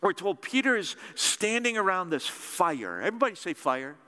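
A man preaching a sermon, telling a story with lively acted-out dialogue and asking the congregation to respond. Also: sits high, moderate pace. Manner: animated storytelling, acting out dialogue with audience call-and-response. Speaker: pastor. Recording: echoey hall with long reverb.

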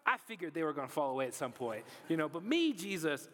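A man's voice: on the high side, sing-song, fast talker, a bit bright. A man voicing a boastful adult male disciple with a snide, self-assured manner. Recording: long hall reverb.

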